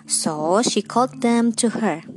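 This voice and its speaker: A woman reads a fairy tale aloud, slow and measured, with a gentle rather high voice. She takes her time over each phrase. Soft music plays underneath. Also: lively intonation. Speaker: storyteller. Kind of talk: storybook reading.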